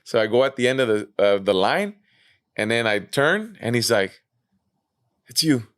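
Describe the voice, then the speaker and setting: A man as a podcast guest, telling stories in a casual, animated way, peppered with "man" and "bro". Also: medium pitch, moderate pace, smooth, no room sound, clean studio sound. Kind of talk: casual storytelling chat.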